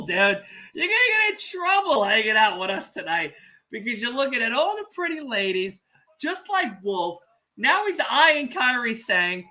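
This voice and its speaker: A young man hosting a casual wrestling podcast watch-along, telling stories excitably, swearing freely and teasing the chat. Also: extremely high pitch, normal speed. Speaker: podcast host.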